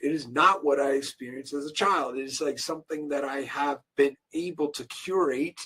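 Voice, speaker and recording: Emotional guy with a raspy gravelly voice, sounds far from the mic. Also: mid-range voice, normal speed, bright, forceful tone. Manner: emotional, near tears. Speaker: podcast guest.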